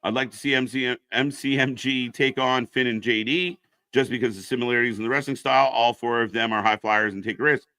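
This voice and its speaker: A man's voice: mid-range voice, steady tone, fairly quick, bright, forceful tone, no room sound, clean studio sound. A man casually commentating on a wrestling show during a live stream, chatting with viewers and reacting to the action. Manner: chatty, reads chat names aloud, reacts to the match.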